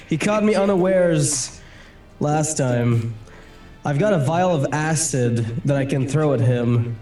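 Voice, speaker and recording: A playful man plays a tabletop game, his lively voice picked up from a distance in an echoey room. He mocks himself with cheerful bravado. Faint music runs behind. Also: on the high side, slow pace. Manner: playful, self-mocking. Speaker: player.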